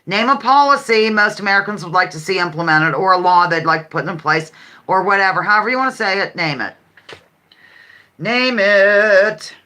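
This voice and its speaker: A woman's voice: fairly low pitch, animated, fast, sharp tone. A woman hosting a casual live-stream game, chatting and reading out viewers' answers with frequent giggles. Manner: chatty, giggly, reads viewer comments aloud. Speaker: livestream host.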